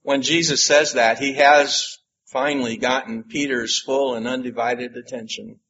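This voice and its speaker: Slow, emphatic male preacher. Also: mid-range voice, little pitch movement, a bit bright, muffled recording. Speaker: pastor. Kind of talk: sermon.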